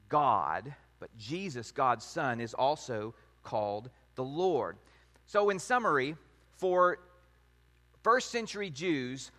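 A man teaching a sermon in a measured way, reading scripture passages aloud. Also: a little high, pushed and bright. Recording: long hall reverb.

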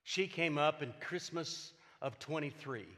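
A man's voice: fairly high pitch, a little slow, sharp tone. An older man, preaching a sermon as a personal testimony, earnest and emphatic with repeated phrases. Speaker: pastor. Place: church sanctuary. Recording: hall reverb.

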